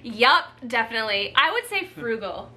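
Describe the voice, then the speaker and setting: A young adult woman with a Newfoundland accent, teasing her husband in a lively, casual couple's quiz chat. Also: fairly high pitch, normal speed, a little hiss or hum. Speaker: wife co-host.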